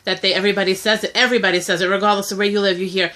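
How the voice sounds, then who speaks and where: Young woman, co-host; blunt, opinionated casual chat, bright tone. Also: mid-range voice, rapid-fire, hardly any pauses. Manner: blunt, animated, mimics quoted voices. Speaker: co-host of a talk video.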